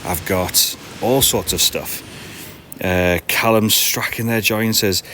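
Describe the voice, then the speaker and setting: Casting: tired man in his 40s, low voice, rambling chatty stream host, faint hum behind. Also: fairly even intonation, slow pace, pushed and bright. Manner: rambling and self-deprecating, with frequent restarts. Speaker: card seller and livestream host. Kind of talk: casual live-stream chat. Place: large glass-roofed old station hall, indoors.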